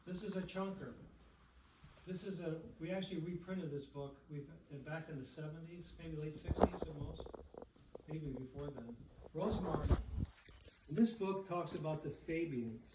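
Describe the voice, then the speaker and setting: A slightly high-voiced man talks at normal speed as he chats about books with a dinner crowd, repeatedly asking "okay?" and "right?". The recording is very noisy, with his voice distant in an echoey room.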